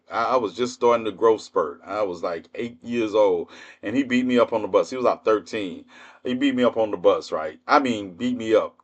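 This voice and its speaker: A man's voice: mid-range voice, lo-fi sound. Blunt storytelling man in his fifties. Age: 50s. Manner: blunt, profane, laughing often. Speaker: livestream host. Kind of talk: casual storytelling monologue.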